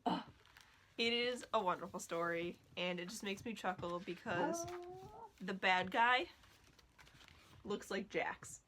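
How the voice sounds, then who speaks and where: A woman's bright, forceful voice carries this casual home vlog, picked up by a laptop. She gushes in a chatty way and turns aside now and then to scold her dogs. A faint noise hangs behind her. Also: medium pitch, animated, unhurried, long pauses. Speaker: knitting vlogger. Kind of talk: casual chat.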